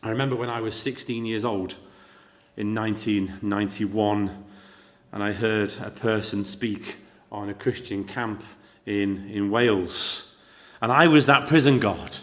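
A man's voice: lowish voice, fairly even intonation, unhurried. Dramatic storytelling male preacher. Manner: dramatic storytelling, swings between loud emphasis and quiet intensity; speaks to the congregation directly with rhetorical questions. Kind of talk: sermon.

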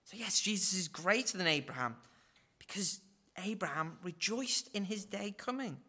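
Bright-voiced man teaching scripture. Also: animated, moderate pace, husky. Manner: acts out quoted lines with big pitch swings; wry asides. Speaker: Bible teacher. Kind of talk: verse-by-verse Bible teaching.

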